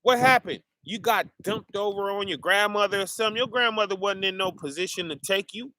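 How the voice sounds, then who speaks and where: A man's voice: sits high, pushed and bright, no echo. A man, preaching informally and firing off rhetorical questions to his listeners.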